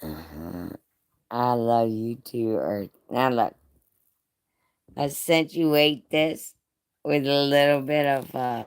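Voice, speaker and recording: A woman's voice: rumbling low, slow pace, long pauses, clear, resonant tone. A woman chatting casually on a live stream, showing off jewelry, teasing her viewers and laughing with folksy slang.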